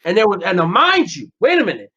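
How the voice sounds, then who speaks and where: Man, podcast guest, blunt and profane, raised-pitch voice, slightly dull audio. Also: fast, husky. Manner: blunt, profane, animated retelling of dialogue. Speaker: podcast guest, former Navy SEAL. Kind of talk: casual storytelling interview.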